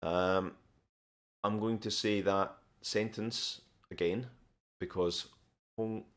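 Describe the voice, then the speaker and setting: A Scottish man hosting a casual live stream, answering viewer questions in a relaxed way with frequent pauses and restarts. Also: fairly low pitch. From Scotland. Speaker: live stream host teaching English and learning Korean.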